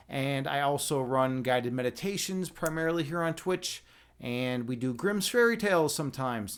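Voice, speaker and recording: A man's voice: fairly high pitch, clear, resonant tone. Rambling, jokey man streaming from home. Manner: rambling and jokey, with frequent restarts. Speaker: livestream host, chess instructor and meditation guide. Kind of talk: casual live-stream chat.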